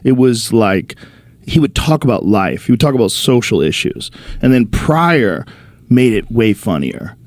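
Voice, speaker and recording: A man's voice: medium pitch, sing-song, measured pace, darkish tone, no echo. A man hosting a casual chat, emphatic and casually swearing. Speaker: host.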